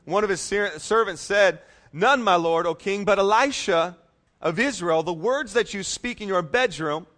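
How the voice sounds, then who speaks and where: A man's voice: high-pitched, normal speed, fairly bright tone. A male pastor preaching a sermon, reading scripture emphatically and adding casual, joking asides.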